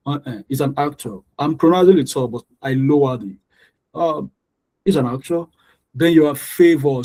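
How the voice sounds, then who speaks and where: A man's voice: on the high side, darkish tone, rough recording. A man teaching an English pronunciation lesson, drilling word stress and mixing in life advice, repeating words over and over. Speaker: English tutor.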